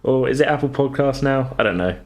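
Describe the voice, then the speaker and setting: Halting, easygoing male podcast host. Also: mid-range voice. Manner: hesitant, many filler sounds. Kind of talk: casual podcast chat.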